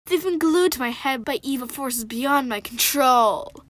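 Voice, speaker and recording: Girl doing earnest formal boy w glasses, high voice, kinda loud and polite. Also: animated, measured pace.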